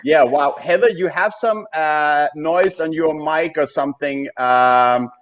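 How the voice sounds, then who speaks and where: A man's voice: fairly high pitch, takes it slowly. A man hosting a podcast in casual chat, asking questions in a friendly, self-deprecating way. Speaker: podcast host.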